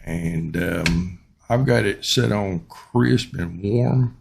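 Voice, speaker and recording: A man giving a casual microphone review, rambling and unhurried with many ums and uhs. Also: low-pitched, vocal fry, breathy edge. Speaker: YouTuber reviewing his microphone. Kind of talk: casual unboxing and product review.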